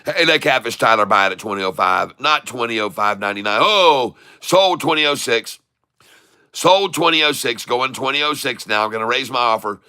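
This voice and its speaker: A man streaming his live day-trading, excitable, calling out prices over and over and taunting short sellers. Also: mid-range voice, normal speed, clear, resonant tone. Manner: addresses viewers as folks, taunts short sellers.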